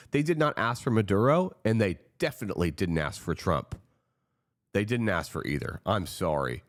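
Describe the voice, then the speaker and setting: A man with a low-sitting voice delivers impassioned political commentary. Earnest and frustrated, he pleads directly with his viewers.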